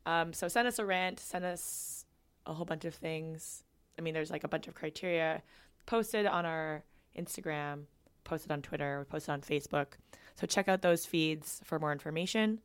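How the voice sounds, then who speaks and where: A woman's voice: low-pitched, normal speed, smooth. A woman co-hosting a podcast in casual chat, reading housekeeping notes with plenty of ums. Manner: chatty, reads housekeeping notes with filler ums. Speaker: podcast co-host.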